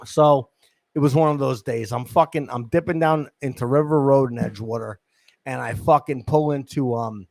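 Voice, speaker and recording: A man's voice: medium pitch, moderate pace, vocal fry, darkish tone, no room sound. Profane New man telling stories. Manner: profane, rambling street-hustler storytelling. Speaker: podcast host. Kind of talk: casual storytelling. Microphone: studio microphone.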